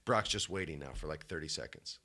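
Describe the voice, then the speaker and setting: A young man co-hosting a podcast, telling a story in casual chat and swinging between loud bursts and low asides. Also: brisk. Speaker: podcast co-host.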